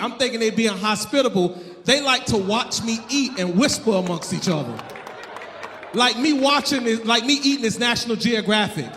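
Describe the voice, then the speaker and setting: High-voiced, animated male stand-up comic. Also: normal speed, a faint crowd. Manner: animated, loud, punchy. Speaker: stand-up comedian. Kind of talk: stand-up comedy. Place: live comedy venue. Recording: long hall reverb, faint noise.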